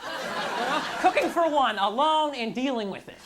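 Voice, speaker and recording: A man's voice: extremely high pitch, expressive, moderate pace. A man performing a stand-up comedy routine on a club stage, ranting in a frustrated, self-mocking way and slipping into mocking voices. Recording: live club recording with crowd noise. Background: audience laughter.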